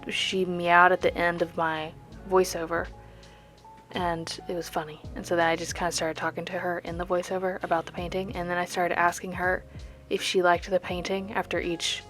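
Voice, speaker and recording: A woman's voice: on the low side, level tone, moderate pace, a bit bright, faint music behind. A young woman in casual voice-over as she paints, chatty and rambling, with jokey tangents. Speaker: art vlogger.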